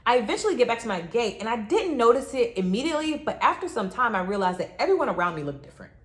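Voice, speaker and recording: A young woman telling a dramatic travel story to her viewers in an animated vlog. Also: on the high side, fast talker. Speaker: travel vlogger.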